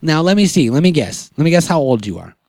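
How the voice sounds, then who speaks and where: A man's voice: fairly high pitch, sing-song, quick pace, darkish tone, dry recording, studio quality. A man in his thirties hosting a podcast, chatting casually and joking with frequent laughs. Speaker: podcast host.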